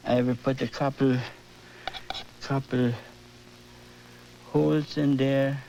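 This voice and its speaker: An older man with a German accent, teaching oil painting on his TV show, animated and often asking "you see?". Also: medium pitch, slow pace, vocal fry, pauses often, muffled recording. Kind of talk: painting demonstration. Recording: worn 1980s videotape audio with hum.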